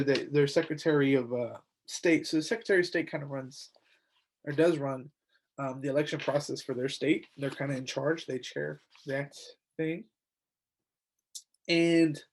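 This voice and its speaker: Tired, rambling young male podcaster. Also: a little high. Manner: rambling, indignant, many fillers and restarts. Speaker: podcast host. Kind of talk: casual solo commentary.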